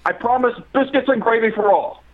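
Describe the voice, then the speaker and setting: A man's voice: extremely high pitch, a little fast. A man on a call-in line doing a jokey impression of an old male politician, with a folksy speech cadence and an old-time radio filter. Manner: folksy campaign-speech cadence, repeats itself. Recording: tinny phone line with faint noise.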